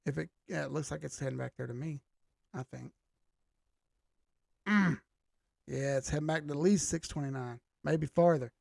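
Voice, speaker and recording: A man's voice: a little high, moderate pace, gravelly, long pauses, a little mellow, dry recording, clean studio sound. A man hosting a casual livestream about charts, loose and joking as he reads chat, his voice strained and starting to crack. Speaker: host of a live chart analysis stream.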